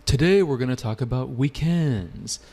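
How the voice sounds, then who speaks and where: A man putting on a chirpy, high test examiner. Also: very animated, moderate pace, darkish tone. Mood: formal. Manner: chirpy, greeting and asking simple questions. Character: cheerful, polite speaking-test examiner.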